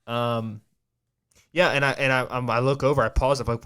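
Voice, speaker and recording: A man's voice: mid-range voice, level tone, normal speed, fairly bright tone, clear, resonant tone. A man hosting a podcast, talking in a casual, rambling way with a heavy stutter and frequent restarts. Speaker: podcast host.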